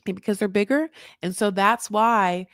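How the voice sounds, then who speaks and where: A woman hosting a casual TV recap, rambling with sarcastic, animated asides. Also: medium pitch, moderate pace, no room sound, studio quality. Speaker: recap host.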